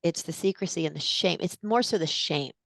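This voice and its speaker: A woman in her forties, a guest in an interview, telling a personal story in an animated way and acting out what people said. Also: fairly low pitch, fairly quick, gravelly, dry recording. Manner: animated storyteller, acts out quotes with gasps.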